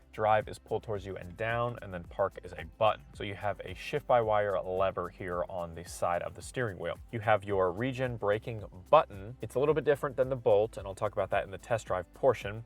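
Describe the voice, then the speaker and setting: A man casually walking through a car's features as a reviewer, listing each detail in a conversational way. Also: on the low side. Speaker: car reviewer. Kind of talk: casual product walkthrough. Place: in and around a car.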